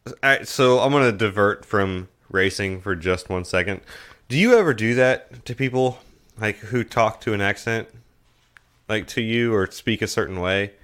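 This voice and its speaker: A man co-hosting a podcast in relaxed casual chat, laid-back and swearing freely. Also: on the low side, normal speed, smooth. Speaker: podcast co-host.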